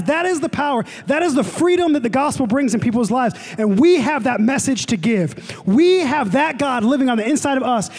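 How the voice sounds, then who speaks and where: A young man preaching a sermon to a college ministry, casual and excitable with lots of fillers. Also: very high-pitched, fairly quick, hardly any pauses. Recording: long hall reverb, faint music.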